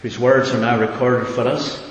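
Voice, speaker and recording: A man's voice: medium pitch, little pitch movement, normal speed. A man preaching a sermon earnestly, building to emphatic repeated questions. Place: church hall. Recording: echoey hall with faint hiss.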